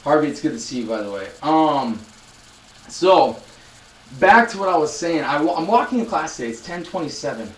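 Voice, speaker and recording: A man's voice: fairly high pitch, lively intonation, normal speed. Rambling twenty-something man, echoey distant sound. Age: 20s. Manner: rambling storyteller, many restarts, talking to chat. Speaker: live streamer. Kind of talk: casual live-stream chat. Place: loud room.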